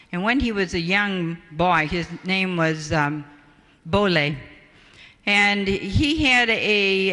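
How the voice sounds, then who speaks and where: A woman giving a public talk on parenting, telling stories in an emphatic, animated way. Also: mid-range voice. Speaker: parenting speaker. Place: lecture hall. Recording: echoey hall reverb.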